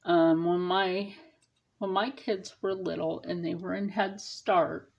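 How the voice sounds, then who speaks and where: A middle-aged woman walks through a sewing project in an unhurried, chatty way, explaining each step as she goes. Her voice has a gravelly fry, and the clicks of a sewing machine sound faintly behind her. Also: fairly low pitch, fairly even intonation, lo-fi sound, background noise. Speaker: sewing channel host. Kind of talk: casual sewing tutorial.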